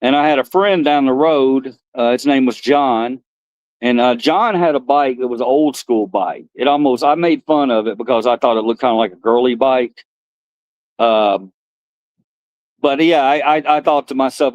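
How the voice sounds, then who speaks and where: A man's voice: mid-range voice, normal speed, a little mellow, no room sound, lo-fi sound. A middle-aged man, chatting casually on a live stream and rambling through old stories while laughing at himself. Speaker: livestream host.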